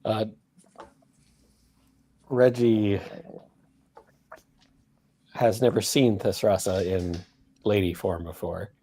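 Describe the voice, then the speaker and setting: A man's voice: lowish voice, flat delivery, slow pace, pauses often, warm tone. A man playing a tabletop game, laid-back, saying his rolls aloud. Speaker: player. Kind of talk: casual game talk.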